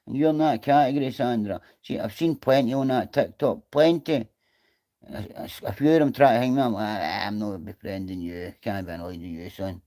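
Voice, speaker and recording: A man's voice: a little high, mellow. Blunt Scottish man on a livestream. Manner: blunt, swearing, talks straight to viewers. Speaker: livestreamer reading chat. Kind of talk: casual livestream chat.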